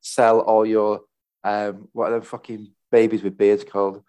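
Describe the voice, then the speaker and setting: A man's voice: lowish voice, little pitch movement, measured pace, dark tone, no echo. A young man co-hosting a podcast, chatting casually with enthusiastic, sweary banter. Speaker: podcast co-host. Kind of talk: casual chat.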